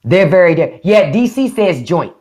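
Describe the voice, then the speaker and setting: A middle-aged woman with a DC-area accent hosts a casual podcast live stream, her voice on the low side at a normal speed. She talks bluntly and animatedly, swearing plenty, through what sounds like a phone or desk mic.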